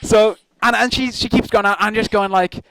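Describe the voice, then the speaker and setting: A man's voice: sits high, normal speed, no echo, low-quality recording. A young man in casual chat who tells a story with swearing and laughter. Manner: animated, swearing, laughing while telling a story. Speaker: co-host.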